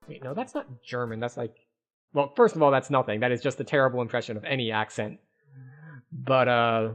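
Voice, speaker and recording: Gamer talking through an old adventure game, wry jokey asides, really lively up and down voice. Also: mid-range voice, fairly quick, faint music behind. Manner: wry, self-mocking asides. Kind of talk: let's-play commentary.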